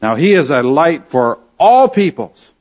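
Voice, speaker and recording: A man from Canada preaching a verse-by-verse sermon, leaning on key words and dropping soft at the ends of phrases. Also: fairly high pitch, big pitch swings, unhurried. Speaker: pastor. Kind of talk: expository sermon. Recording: slightly dull lo-fi sound.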